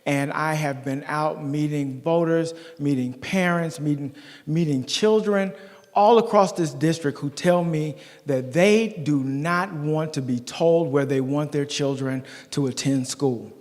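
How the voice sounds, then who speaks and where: A man's voice: a little high, measured pace, darkish tone. A middle-aged man giving an emphatic campaign speech as a school board candidate, telling stories and working the crowd at a community forum. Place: large meeting hall. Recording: long hall reverb.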